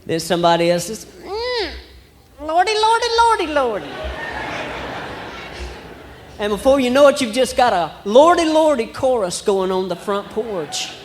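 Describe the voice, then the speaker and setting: A man from Alabama with a Southern accent, doing a stand-up comedy set in a slow, folksy drawl. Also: high-pitched, expressive. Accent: Southern American. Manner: slow folksy drawl, acts out voices in his stories. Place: church hall with a live audience. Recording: long hall reverb, faint room noise.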